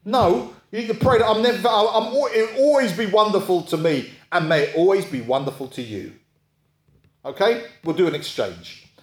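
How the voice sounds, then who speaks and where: A man's voice: high-pitched, expressive, normal speed. A man preaching a sermon, talking in a conversational way and often checking in with his listeners. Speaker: pastor. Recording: echoey room.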